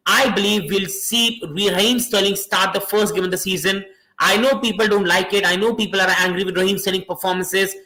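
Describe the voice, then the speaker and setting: High, bright-voiced man hosting an excitable fan stream. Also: roomy sound, poor audio. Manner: passionate, repetitive, calls viewers bro and guys. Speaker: football fan channel host. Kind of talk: live stream fan chat reacting to comments.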